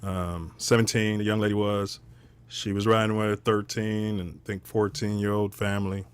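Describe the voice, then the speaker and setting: A man's voice: lowish voice, little pitch movement, clean tone. Indignant man hosting a talk show. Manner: measured, indignant explanations. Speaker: show host. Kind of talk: casual commentary on a video clip.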